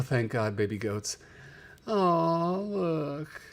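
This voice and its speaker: A man's voice: medium pitch, animated, slow pace. Chatty, emotional male livestream host. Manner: emotional, chatty storyteller who calls out viewers by name. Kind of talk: casual livestream chat.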